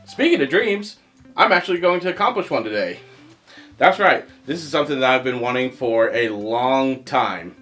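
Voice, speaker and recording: A man hosting a comedic movie review show, animated and joking, poking fun at himself. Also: mid-range voice, normal speed, faint music behind. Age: adult past teens. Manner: animated, joking, self-mocking.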